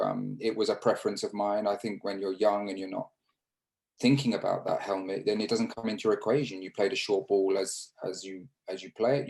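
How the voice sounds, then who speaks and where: Low gravelly-voiced Englishman reminiscing. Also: a little mellow, rough recording. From England. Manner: reminiscing, halting with restarts and fillers. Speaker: interview guest, former cricketer. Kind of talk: casual interview storytelling. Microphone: video call.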